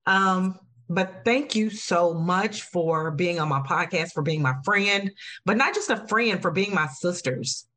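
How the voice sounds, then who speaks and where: A woman's voice: on the low side, unhurried, sharp tone. Emotional, earnest woman podcast host. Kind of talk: heartfelt conversational podcast talk.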